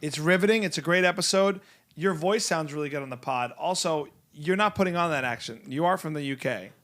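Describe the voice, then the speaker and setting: A male podcast host talks casually from his studio, upbeat and teasing, often breaking into laughter. His voice sits a little high for a man. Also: a little fast, fairly bright tone. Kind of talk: casual chat.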